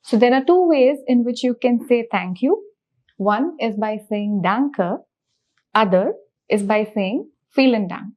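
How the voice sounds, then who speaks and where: Slow, patient woman teaching a language. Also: on the high side, animated, dull audio. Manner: slow, patient explanations with repeated examples. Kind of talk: beginner language lesson.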